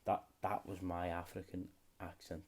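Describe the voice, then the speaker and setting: A man's voice: deep voice, little pitch movement, moderate pace, a little mellow. A young British man hosting a solo comedy podcast, rambling freely and swearing a lot. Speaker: podcast host.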